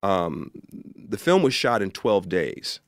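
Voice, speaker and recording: A man's voice: low voice, slow, dry recording, clean studio sound. A man from Chicago, an actor and filmmaker, telling stories as a podcast guest and acting out the people in them. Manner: animated, acts out the people in his stories. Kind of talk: storytelling in a podcast interview.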